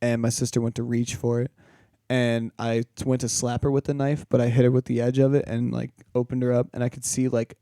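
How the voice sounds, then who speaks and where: Mellow, smooth-voiced young man telling stories. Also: medium pitch, little pitch movement, brisk, no echo, clean studio sound. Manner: laid-back storyteller, swears freely, acts out quotes. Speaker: podcast co-host. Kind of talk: casual chat.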